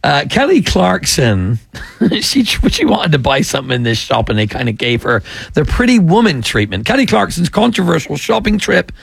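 A man's voice: a little high, big pitch swings, normal speed, gravelly, slightly rough, dry recording. An English man co-hosting a talk show, joking and telling stories in casual chat. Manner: storytelling, joking. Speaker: co-host.

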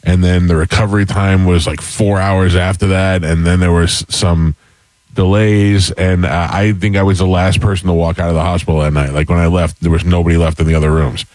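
Deep-voiced man telling a rambling story. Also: level tone, fairly quick, a little mellow, no room sound, low-quality recording. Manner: rambling storyteller, many fillers and restarts. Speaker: podcast host. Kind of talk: casual chat.

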